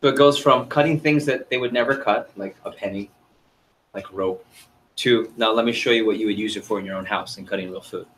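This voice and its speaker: A man's voice: fairly low pitch, brisk, fairly bright tone, a little hiss or hum. A man leading an interactive sales training seminar, quizzing the audience in an upbeat, chatty way.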